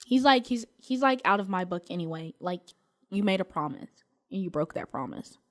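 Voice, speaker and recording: A woman's voice: on the low side, lively intonation, moderate pace. A young woman co-hosting a student radio show in casual chat, giggly and full of fillers and restarts. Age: young adult.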